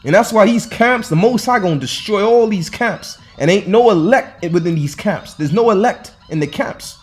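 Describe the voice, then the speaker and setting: A man with a high-pitched voice and lively intonation preaches over scripture at a moderate pace while soft music plays. His delivery is loose and colloquial, hectoring, repetitive, full of rhetorical questions and restarts.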